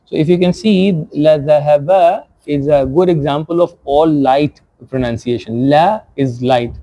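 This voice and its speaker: A man teaching recitation rules, patiently explaining pronunciation and gently correcting the reciters. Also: a little high, moderate pace, no echo. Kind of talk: tajweed lesson with corrections. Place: community centre prayer hall.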